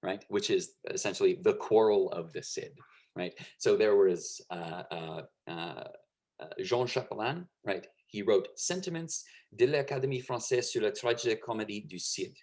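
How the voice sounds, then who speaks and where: A man delivers a relaxed lecture, with frequent fillers and a habit of checking in with his listeners. His voice is on the low side, gravelly with a husky edge. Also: moderate pace. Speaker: teacher.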